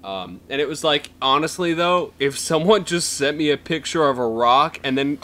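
A man's voice: fairly high pitch, animated, normal speed, fairly bright tone. A young man co-hosting a podcast, chatting casually and laughing often as he rambles through stories. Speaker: podcast co-host. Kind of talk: casual chat.

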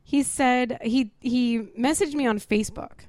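A woman co-hosting a casual podcast chat, telling stories in a lively way, swearing freely and acting out what people said. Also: on the high side, measured pace, no room sound. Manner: animated storyteller, swears freely, acts out quotes. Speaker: podcast co-host.

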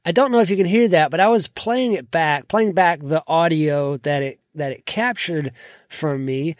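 A podcast host whose voice isn't deep casually walks through his recording apps in a screen-share tutorial, trailing off at the ends of sentences. He speaks at a moderate pace into a desk microphone, with dry, studio-quality sound.

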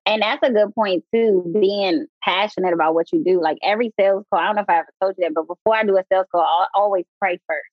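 A woman guest coach chatting casually in an interview, animated and slangy, often laughing. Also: mid-range voice, quick pace, hardly any pauses, dry recording. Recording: dull lo-fi dry sound.

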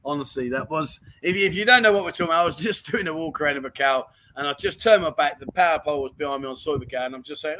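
A man's voice: a little high, very fast, hardly any pauses, pushed and bright, low-quality recording. A man hosting a casual livestream chat from home, reading viewer comments and calling everyone mate. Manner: chatty and matey, keeps calling people mate. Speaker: livestream chat show host. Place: home in Pattaya.

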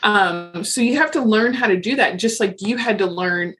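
A woman's voice: medium pitch, normal speed, fairly bright tone. A middle-aged woman talking frankly and casually as a podcast guest, with lots of fillers. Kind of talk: casual interview chat.

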